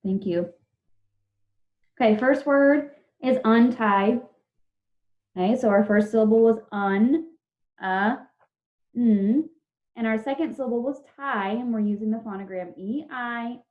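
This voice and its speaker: A woman teacher giving an online spelling lesson over a video call, dictating words slowly and drawn out, patient and encouraging with her class. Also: a little high. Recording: dull lo-fi video call audio.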